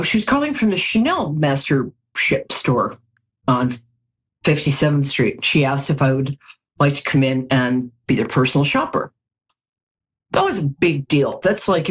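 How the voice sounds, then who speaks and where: A woman's voice: deep voice, slightly rough. A middle-aged woman reading tarot cards on a live call-in show, chatty and jokey, with storytelling asides. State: tired from lack of sleep. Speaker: psychic tarot reader.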